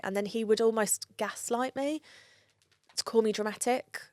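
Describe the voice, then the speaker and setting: Gravelly-voiced woman, candid and emotional. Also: medium pitch, a little fast, darkish tone, dry recording, studio quality. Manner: candid, emotional, swears freely. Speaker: guest. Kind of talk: personal storytelling interview.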